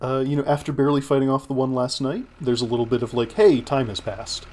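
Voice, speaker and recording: A man's voice: medium pitch, little pitch movement, fast, darkish tone. A man casually explaining how he made his video, with rambling, self-deprecating remarks. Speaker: video creator giving commentary. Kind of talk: casual commentary chat.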